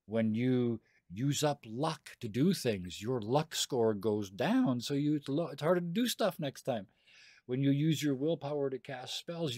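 A man's voice: medium pitch, a little mellow, dry recording, studio quality. A man running a tabletop game, casually explaining the rules in a rambling way and laughing often. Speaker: game master.

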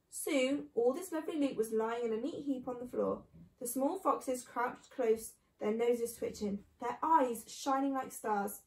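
A woman reading a children's book aloud in a clear, steady storytelling manner. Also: fairly high pitch, measured pace, distant mic. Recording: echoey room.

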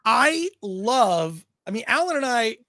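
A man's voice: very high voice, very animated, slow, sharp tone, no room sound, studio quality. A man co-hosting a film talk livestream, joking and reading viewer comments aloud. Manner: talkative, jokey, reads chat aloud. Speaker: co-host of a film talk show. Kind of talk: casual livestream chat.

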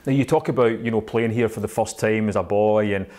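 A man's voice: on the low side, fairly even intonation, a little fast, warm tone. Scottish male interviewer, prompting. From Scotland. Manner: leading, prompting questions, teasing. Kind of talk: interview questions.

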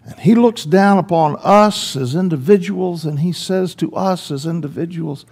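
A man preaching a sermon in church, swinging between loud emphatic lines and hushed, drawn-out ones. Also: high-pitched, vocal fry, husky.

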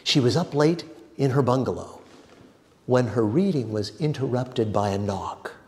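A man teaching a church adult education class, reading a story with measured, dramatic pauses. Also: medium pitch, animated, darkish tone, in a large hall.

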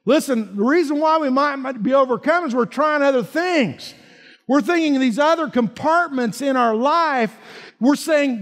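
A man's voice: very high-pitched, moderate pace, fairly bright tone. A male pastor preaching a sermon in a folksy, emphatic way, often dropping in asides like "man" and "right?". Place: church sanctuary. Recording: church hall reverb.

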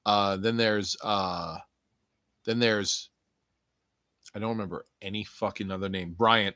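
A man's voice: fairly low pitch, a little slow, a bit bright, no room sound, studio quality. A man hosting a casual wrestling review podcast, rambling and joking with frequent swearing and playful outbursts. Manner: rambling, jokey, profane, with playful bursts. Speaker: podcast host.

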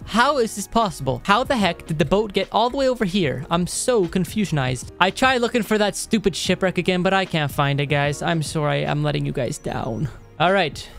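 A man giving casual gameplay commentary, excitable, talking to himself and his viewers, gasping and groaning as he plays. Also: fairly high pitch, vocal fry. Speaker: Minecraft let's player.

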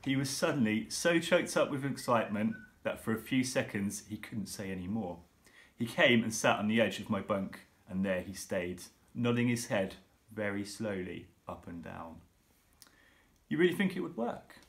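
A man's voice: fairly low pitch, normal speed. Man reading a children's book aloud. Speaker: school reader. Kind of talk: storybook read-aloud.

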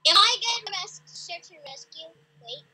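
A woman's voice: extremely high pitch, lively intonation, normal speed, sharp tone, poor audio. A young girl playing a game and chatting, bossy and playful, giving orders to her partner. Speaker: gamer. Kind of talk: casual gameplay chat.

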